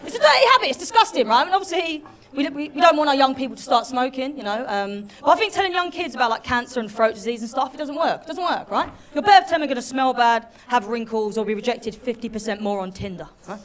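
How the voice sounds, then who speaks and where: A woman from the UK doing a cheeky stand-up set, loud and chatty with the crowd. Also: high-pitched, lively intonation, fast talker, few pauses. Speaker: stand-up comedian.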